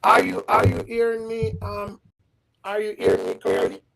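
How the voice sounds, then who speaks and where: Man hosting a live stream with a high, lively voice and a halting, repetitive delivery. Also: vocal fry, poor audio. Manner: repetitive, halting, asks the audience questions. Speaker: livestream host. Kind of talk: casual livestream chat. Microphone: livestream setup.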